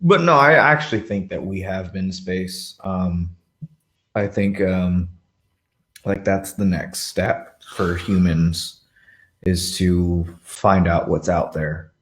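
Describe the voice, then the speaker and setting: A man's voice: deep voice, slow pace, a bit bright. A man guesting on a podcast as a singer, talking in a laid-back, agreeable casual chat with short reactions.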